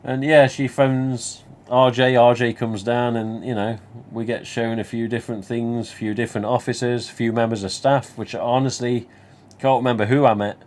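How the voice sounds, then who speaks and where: A man's voice: medium pitch, flat delivery, moderate pace, few pauses, a little mellow. A man with a Nottingham accent, hosting a livestream and telling a long, rambling personal story full of asides and mild swearing. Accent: Nottingham English. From England. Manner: chatty, rambling, many you-knows, mild swearing. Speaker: livestream host. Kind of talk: casual anecdote telling.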